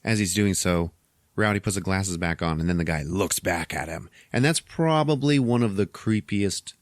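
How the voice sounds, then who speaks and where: A man's voice: sits low, moderate pace, dry recording, studio quality. A man hosting a podcast, retelling a film scene by scene with swearing and laughter. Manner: animated retelling, profane, laughs often. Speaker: podcast host. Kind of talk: casual movie recap chat.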